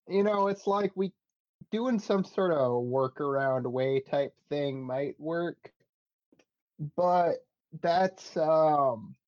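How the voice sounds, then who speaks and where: A man's voice: mid-range voice, a little mellow, no room sound, muffled recording. A man playing a tabletop role-playing game, rambling in character with hesitant, dry humor. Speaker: player.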